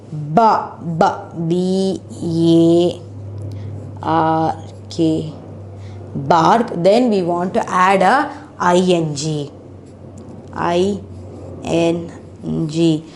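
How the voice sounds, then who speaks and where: A woman's voice: fairly low pitch, a little hiss or hum. A woman teaching a children's phonics lesson, spelling out letters one by one and checking in with frequent questions. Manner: patient, spells letters out slowly, asks questions; frequent "isn't it?" and "okay" checks.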